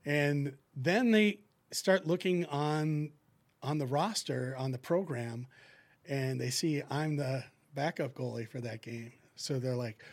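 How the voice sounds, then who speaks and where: A middle-aged man, a former hockey goalie, telling lively stories in a casual chat and acting out what people said. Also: a little high, slow. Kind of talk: casual storytelling in a podcast chat.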